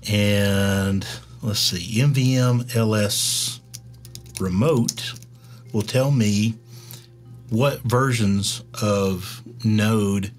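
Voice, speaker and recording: A man's voice: on the low side, faint music behind. A middle-aged man from Georgia with a Southern drawl, hosting a developer live stream in casual, rambling talk full of fillers. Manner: rambling, halting, with many fillers.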